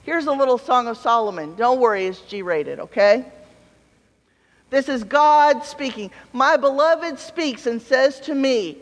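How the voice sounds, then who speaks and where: A man with a strikingly high voice preaches slowly and deliberately, weaving jokey asides into his reading of scripture. His words ring out with the long reverb of a big church sanctuary. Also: animated. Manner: conversational, with playful asides and scripture read aloud. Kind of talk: sermon. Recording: long reverb of a large hall.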